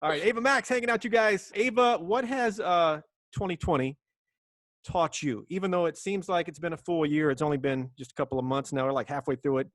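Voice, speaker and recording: A man's voice: on the high side, a little fast, no room sound. A man hosting a radio interview from his home, enthusiastic and plugging his guest between rambling questions. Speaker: radio host. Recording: dry remote interview from home.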